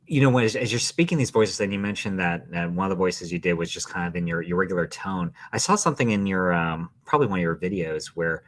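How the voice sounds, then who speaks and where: Male interviewer, slightly low voice, eager and conversational. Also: a bit bright. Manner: enthusiastic, quick to react with laughs and agreement. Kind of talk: casual interview chat.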